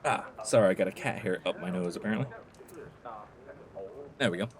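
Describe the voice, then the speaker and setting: A man's voice: deep voice, fairly quick. A man giving casual, chatty commentary while playing a video game, with amused asides. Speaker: let's play host.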